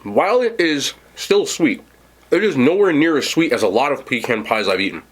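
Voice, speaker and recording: A man's voice: mid-range voice, expressive, normal speed. A man hosting a casual mukbang food review, chatting to viewers while he eats. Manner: chatty, talks while eating. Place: seated indoors at home.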